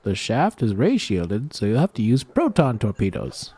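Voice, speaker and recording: A woman's voice: extremely low pitch, wildly swooping pitch, moderate pace, mellow, slightly rough, no room sound, pitched below the performer's own voice, heavily acted. A woman reading a stern male rebel general's briefing at an amateur table read, in a plain reading voice.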